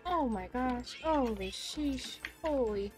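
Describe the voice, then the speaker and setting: Young woman streamer, high voice, hyped and gushy, swears a lot, music playing behind her. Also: slow pace. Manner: excitable, gushing, swears freely. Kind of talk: casual live-stream chat.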